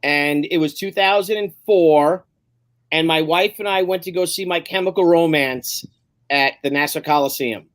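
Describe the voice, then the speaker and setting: An earnest man jumps in on a video call to share a story he clearly treasures. His voice is high for a man. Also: moderate pace. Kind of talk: casual video call chat.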